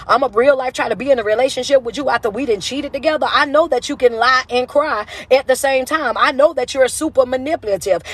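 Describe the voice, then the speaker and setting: A woman motivational speaker on a live-stream rant, loud, passionate and forceful, repeating her points like a preacher. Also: high-pitched, no room sound. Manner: repetitive, preachy call-outs. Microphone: phone on a live stream.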